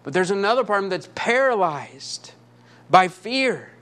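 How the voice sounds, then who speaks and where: An impassioned male pastor delivering a sermon. His voice sits high for a man, and he builds through repeated phrases and rhetorical questions. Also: sing-song, unhurried, a bit bright.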